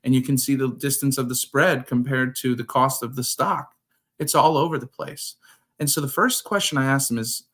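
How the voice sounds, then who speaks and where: A man's voice: mid-range voice, fairly quick. A man hosting a trading talk show, explaining casually and acting out his talks with clients. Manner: animated, acts out quoted conversations. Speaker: show host.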